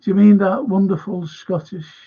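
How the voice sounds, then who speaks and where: Reading live chat aloud, a middle-aged podcast host runs a casual stream, chuckling and swearing now and then. He sounds high-pitched and husky, fairly even in intonation at a moderate pace, and the stream audio is dull and lo-fi.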